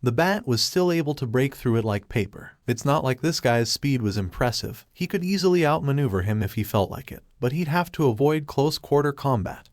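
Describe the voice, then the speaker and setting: A man reads a fan-fiction story aloud as a scripted narration, keeping a steady storytelling pace. His voice sits in a middle pitch. The recording is dry, with no room echo. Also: fairly quick, hardly any pauses.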